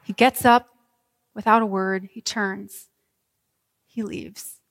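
A woman pastor preaching a sermon, telling the story vividly with dramatic pauses. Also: medium pitch, steady tone, gravelly. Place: church sanctuary. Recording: reverberant church hall.

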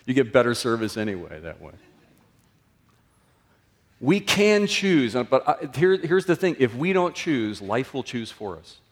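A man preaching a sermon in a conversational way, his voice often rising and then dropping low and soft. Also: big pitch swings, moderate pace, few pauses. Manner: conversational, with sudden lifts and drops in pitch and loudness. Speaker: pastor. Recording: long reverb of a large room.

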